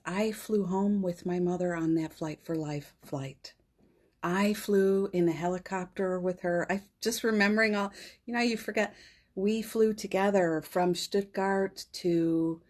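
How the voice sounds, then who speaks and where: On her phone livestream, this middle-aged host of a daily live spiritual session speaks in a voice on the low side. Her heartfelt spiritual storytelling is emotional and often tearful, with soft laughs between phrases.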